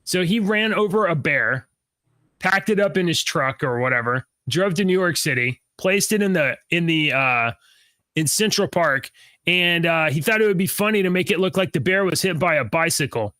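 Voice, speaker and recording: A man's voice: on the high side, lively intonation, moderate pace, pushed and bright, dry recording, clean studio sound. A man co-hosting a podcast in casual chat, rambling and restarting his sentences and laughing at his own jokes. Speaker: podcast co-host.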